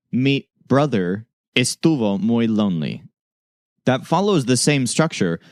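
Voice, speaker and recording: A man narrating a scripted language lesson, speaking in a measured way and slowing down to model example phrases. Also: mid-range voice, dry recording, studio quality. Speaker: language teacher.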